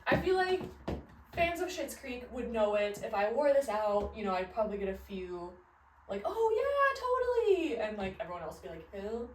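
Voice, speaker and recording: A woman's voice: mid-range voice, a little fast, darkish tone, a little hiss or hum. A woman in her thirties from the Midwest, chatting casually and rambling about outfits from her closet. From American Midwest. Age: 30s. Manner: chatty, rambling, many fillers and laughs. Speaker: fashion vlogger. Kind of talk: casual chat. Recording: roomy, a little distant from the mic.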